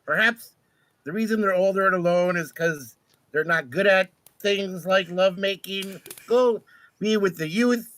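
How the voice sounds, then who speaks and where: A man voicing a flustered older gentleman who stammers and blathers on. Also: high voice, measured pace, no echo, poor audio. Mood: blustering. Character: flustered older male gentleman, tongue-tied.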